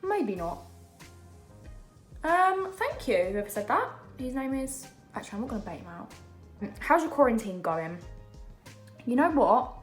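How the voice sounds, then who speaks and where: A woman's voice: a little high, very animated, measured pace, long pauses. Young girl rambling thru a makeup chat, echoey room, bit of music behind. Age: young adult. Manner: chatty, rambling, many fillers and asides. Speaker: beauty vlogger. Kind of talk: casual chat while doing makeup. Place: home during lockdown.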